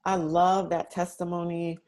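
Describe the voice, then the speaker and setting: Woman podcast host, lower register. Affirming, thoughtful responder. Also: level tone, measured pace, darkish tone. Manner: affirming, reflective. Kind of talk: casual podcast conversation.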